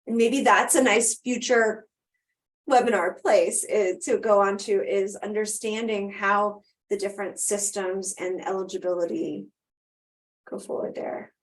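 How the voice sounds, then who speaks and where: A woman's voice: medium pitch, fairly even intonation, measured pace. A woman presenting a live webinar over a video call, answering questions and wrapping up in a conversational way with frequent ums.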